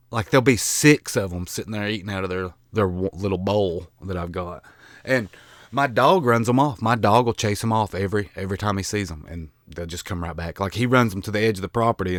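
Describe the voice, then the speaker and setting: Southern man, low-pitched, dry close sound, rambling, self-deprecating, casual vlog talk. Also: no room sound. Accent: Southern American. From American South. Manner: self-deprecating, rambling with many restarts and laughs; colloquial with mild swearing. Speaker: vlogger.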